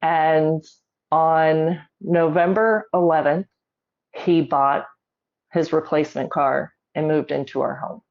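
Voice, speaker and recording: A middle-aged woman telling a personal story in an interview, measured and emotional, holding back tears. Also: sits low, fairly even intonation, muffled recording. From South Carolina, US. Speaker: guest.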